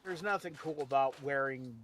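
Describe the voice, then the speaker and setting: A man on a friend's gaming stream, bantering loudly and jokingly in casual chat. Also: mid-range voice, moderate pace, a little hiss or hum. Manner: animated, loud joking banter.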